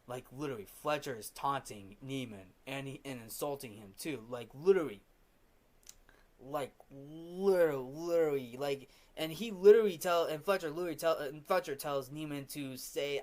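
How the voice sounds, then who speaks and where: A man's voice: fairly high pitch, moderate pace. A man hosting a casual film review, rambling through the scenes with many restarts.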